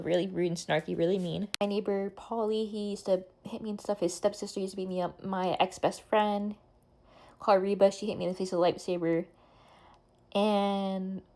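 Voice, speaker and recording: This emotional get-ready-with-me clip features a young woman vlogger confessing something personal to her phone camera as she does her makeup at home. Her talk is rambling and scattered, delivered in a mid-range voice with a darkish tone.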